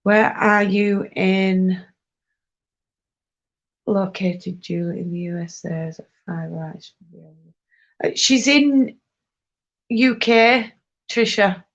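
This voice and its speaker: Lady chatting on a craft livestream, unhurried, muffled lo-fi sound. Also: mid-range voice. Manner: chatty, reads out and answers viewer questions. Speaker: fibre craft live-streamer. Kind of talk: casual live-stream chat.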